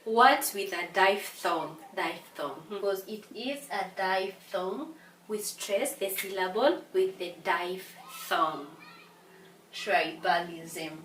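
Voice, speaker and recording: A tired woman from Kenya teaching an English revision lesson, speaking slowly and repeating words to stress their syllables. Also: medium pitch, lively intonation, fairly bright tone. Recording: echoey room from a distance, faint hiss.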